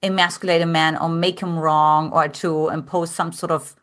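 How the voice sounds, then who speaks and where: A woman's voice: sits low, little pitch movement, moderate pace, fairly bright tone. A woman who hosts and coaches, chatting reflectively about relationships with her guest. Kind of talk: conversational interview.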